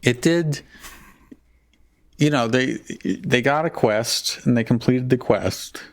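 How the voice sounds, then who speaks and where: Slow, easygoing male co-host. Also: mid-range voice. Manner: relaxed, laughing, hesitant. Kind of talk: casual chat.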